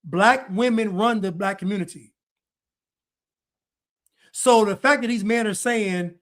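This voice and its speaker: A man's voice: sits high, unhurried, long pauses, fairly bright tone. A man giving reaction commentary in a blunt, preachy way, repeating his points. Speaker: online commentator.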